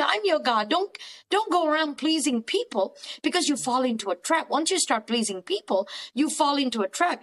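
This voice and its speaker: Woman, therapist guest, high bright register, animated, preacherly, thinks aloud mid-sentence. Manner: animated, preacherly, acts out quoted voices; frequent restarts when thinking aloud. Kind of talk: conversational podcast interview.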